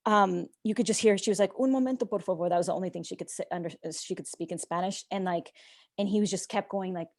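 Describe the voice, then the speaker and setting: A young woman guest on a podcast, telling a story in casual conversation, animated and acting out the voices of people she quotes, with lots of fillers. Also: on the low side, fast talker, gravelly.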